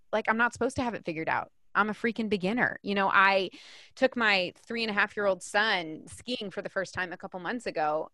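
A woman's voice: on the low side, sharp tone, no room sound. Woman in her thirties, podcast guest, emphatic, filler-heavy, dry close sound. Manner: emphatic, fast-flowing, frequent "like" fillers. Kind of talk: podcast conversation.

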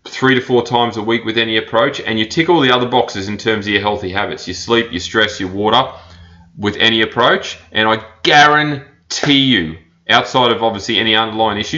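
A man talks alone into a podcast mic as a personal trainer. His voice sits a little low but sounds bright and forceful. He keeps things blunt and repeats his key lines, and the recording sounds dull and lo-fi. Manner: blunt, repeats his points with plain emphasis. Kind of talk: solo podcast monologue.

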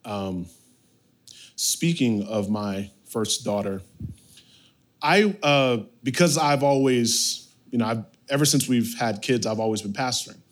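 A pastor in his thirties, with a mid-range voice and an unhurried delivery, preaches a sermon that includes a family story. His telling is animated, swinging suddenly between loud and soft.

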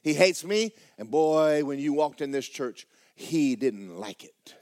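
A middle-aged male pastor, preaching a sermon in a folksy storytelling way that climbs into shouts. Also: mid-range voice, lively intonation, slow pace.

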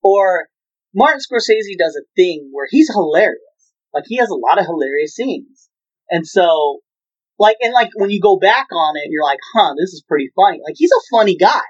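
A man's voice: high-pitched, animated, moderate pace, lo-fi sound. A man in casual movie chat, rambling and swearing freely as he retells scenes with energy.

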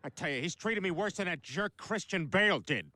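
Peter Griffin, a dopey cartoon dad. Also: male voice, high-pitched, animated, fairly quick, pushed and bright, a little hiss or hum. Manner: dopey, stammering, oblivious. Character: bumbling dim-witted middle-aged cartoon dad. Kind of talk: cartoon voice acting.

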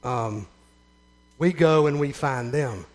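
A man's voice: medium pitch, slow pace. A middle-aged man with a Southern American accent gives an earnest, folksy spoken testimony to a gathering, with repeated phrases that build up into emphatic runs. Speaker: speaker giving a testimony.

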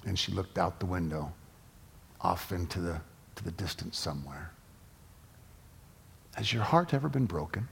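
A middle-aged man preaching a sermon, telling personal stories with halting restarts. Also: low-pitched, lively intonation, gravelly, slightly rough. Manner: storytelling, halting with frequent restarts. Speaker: pastor. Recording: long reverb of a large hall.

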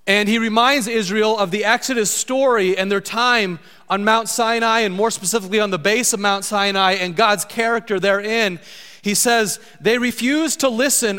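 High-voiced preacher in a reverberant hall. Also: male voice, fairly bright tone, clear, resonant tone. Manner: conversational, asks the congregation questions. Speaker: pastor. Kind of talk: sermon.

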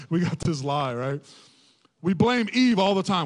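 A middle-aged man preaching a sermon as pastor, animated and joking, acting out little voices and laughing as he goes. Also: on the high side, moderate pace.

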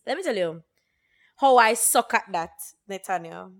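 A woman's voice: mid-range voice, brisk. A woman co-hosting a podcast, telling stories in casual chat with patois and acted-out quotes. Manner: animated storytelling with patois and quoted voices. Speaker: podcast co-host.

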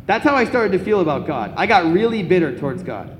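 A young man giving a Catholic talk to an audience, telling comic personal stories in an animated, joking way. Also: high voice, fast talker, slight background noise. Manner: animated, comic storytelling with laughs. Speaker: Catholic speaker. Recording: echoey hall, faint ambience.

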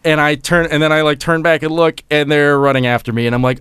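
A man's voice: on the high side, fast, smooth, no room sound, studio quality. Man telling a profane game story. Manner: profane, animated, lots of "like" fillers. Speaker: podcast host. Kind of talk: casual storytelling.

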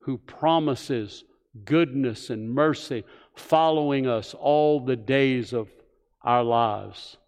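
A man preaching a sermon as pastor, telling a story in an earnest manner with pauses before he puts a direct question to the congregation. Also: mid-range voice, darkish tone. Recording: church hall with long reverb.

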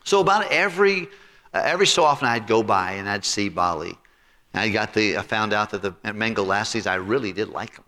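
A male pastor telling a personal story in an animated, conversational sermon. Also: lowish voice, fairly quick. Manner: animated, conversational anecdote with repetitions. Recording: reverberant hall.

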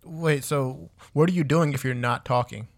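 A man's voice: mid-range voice, moderate pace. A man in casual podcast chat, reacting with disbelief, swearing and laughing often.

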